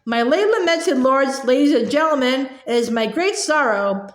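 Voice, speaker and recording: Woman doing a stiff, proud gentleman ghost. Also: high voice, lively intonation, normal speed, echoey room.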